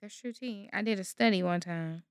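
A woman's voice: mid-range voice, a little fast, smooth, no room sound, studio quality. A woman co-hosting a podcast, joking and teasing with profanity in casual chat. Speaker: podcast co-host.

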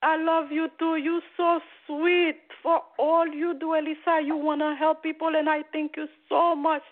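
Grateful high-voiced woman caller on the phone. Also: flat delivery, moderate pace. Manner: warm and grateful. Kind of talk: call-in radio chat. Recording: tinny phone line.

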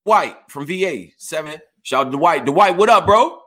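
A man's voice: fairly high pitch, normal speed. A man hosting a casual live call-in stream, hyping and bringing up his callers. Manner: animated, hypes callers, laughs often.

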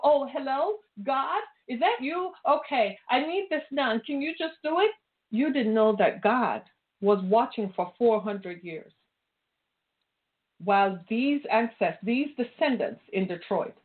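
A woman preaching an impassioned sermon, pressing her listeners with pointed rhetorical questions. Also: on the high side. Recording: tinny phone-like line.

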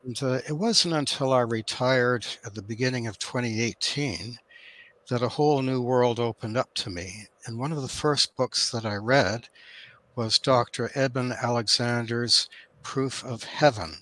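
Measured older man with Canadian-Australian accent. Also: medium pitch, a bit bright. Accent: mixed Canadian and Australian. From Thunder Bay, Canada. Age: 70s. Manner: measured and formal. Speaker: guest author. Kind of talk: interview answers.

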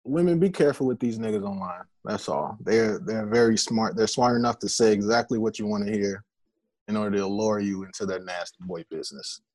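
A man's voice: on the low side, fairly quick, darkish tone. A man co-hosting a casual podcast chat who jokes and laughs often. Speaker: podcast co-host.

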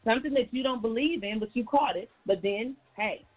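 A woman holds forth as a call-in radio host, folksy and chatty, calling her listeners y'all. Her voice is breathy and a little husky. It comes through a thin, tinny line that sounds like a phone call. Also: fairly high pitch, brisk. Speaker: radio talk show host. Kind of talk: casual call-in radio commentary.

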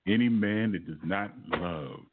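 A man's voice: deep voice, unhurried. A man hosting a radio call-in show, effusive and affectionate, laughing a lot as he talks with his guest. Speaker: radio host. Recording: tinny phone-quality line with faint noise.

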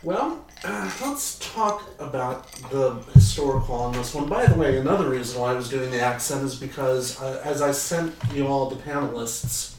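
A man hosting a podcast in casual chat, self-deprecating and quick to laugh. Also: mid-range voice, expressive, background noise. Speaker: podcast host.

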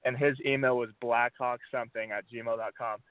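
A man's voice: mid-range voice, moderate pace, no room sound. Young male athlete guest, laid-back, filler-heavy; dry, phone-like sound. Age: young adult. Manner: relaxed, many fillers. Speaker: college football player guest. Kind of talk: casual interview answers. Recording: dry phone-line audio.

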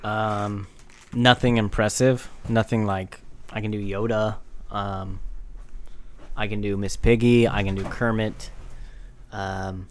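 A man's voice: fairly low pitch, flat delivery, slow, pauses often. A man who is a comedian, a guest on a podcast, chatting in a hesitant, self-deprecating way with dry jokes. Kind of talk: casual chat.

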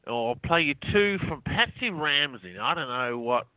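A man's voice: a little high, expressive, a little slow, dry recording. A man being interviewed as a guest, chatty and rambling, laughing often between points. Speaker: guest, researcher. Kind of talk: casual phone-in interview. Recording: dry tinny phone line.

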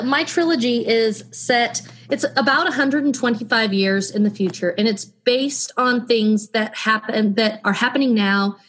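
A woman author talking about her novel trilogy in an interview, explaining thoughtfully with frequent restarts. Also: a little high. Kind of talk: podcast interview and book reading.

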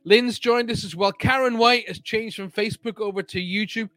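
A man's voice: sits high, fairly even intonation, moderate pace, a bit bright, no room sound. A man hosting a live-streamed show, chatting casually and reading out viewer comments in an upbeat way.

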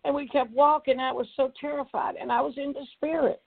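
A woman's voice: high-pitched, fairly even intonation, brisk, vocal fry, no echo. Older woman, evangelist testimony, emphatic repetition, dry close sound. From Tennessee, US. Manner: emphatic, repeats phrases for effect. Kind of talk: testimony preaching. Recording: tinny phone-like audio.

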